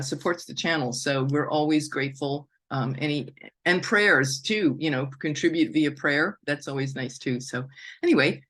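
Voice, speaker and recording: A woman's voice: low voice, a bit bright. Effusive woman hosting a podcast. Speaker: podcast host. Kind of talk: casual podcast introduction.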